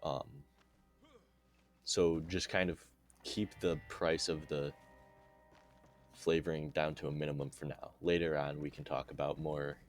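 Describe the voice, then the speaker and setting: A young man narrating a casual gameplay tutorial in a relaxed, chatty way with dry sarcastic asides. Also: a bass voice, measured pace, pauses often, soft background music. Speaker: game guide narrator.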